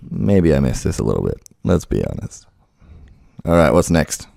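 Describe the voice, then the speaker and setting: A man's voice: very deep voice, very animated, measured pace, gravelly, dark tone, no room sound. A man rambling and swearing to himself in a casual practice session at home, right up on a close microphone. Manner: rambling, swearing self-talk. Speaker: impressionist youtuber. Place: room at home.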